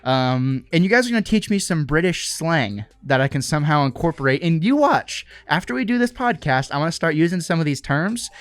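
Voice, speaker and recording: A man hosting a casual podcast interview over a video call, upbeat and jokey, quick to poke fun at himself. His voice is smooth and clean, recorded close and dry with no room sound. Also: a little high, expressive, no echo. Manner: upbeat, jokey and self-deprecating. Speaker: podcast host.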